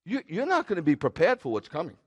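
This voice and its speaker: A man preaching as rabbi to a congregation, animated and joking, swinging from loud outbursts to quiet asides. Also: a little high, fast. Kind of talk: sermon.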